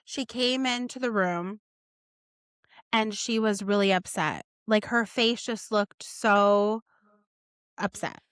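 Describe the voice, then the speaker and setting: A woman in her thirties co-hosting a casual faith podcast, telling a family story with animated asides. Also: medium pitch, slow pace, pauses often, clean tone, no echo, studio quality. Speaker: podcast co-host.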